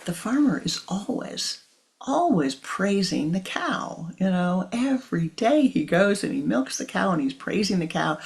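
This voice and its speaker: A man's voice: high voice, very animated, measured pace, vocal fry, heavily acted. A man voicing a wise but emotional male cobra in a spoken parable, pleading and whispery. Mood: complaining. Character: sly emotional male cobra, wheedling and deceitful.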